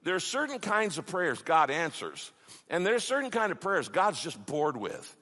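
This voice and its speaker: A middle-aged man delivers a passionate sermon, his pitch a touch high and rising and falling widely as he builds to emphatic, almost shouted peaks. His voice rings through a large church auditorium, with a long reverb trailing each phrase. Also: wildly swooping pitch, normal speed. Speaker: pastor.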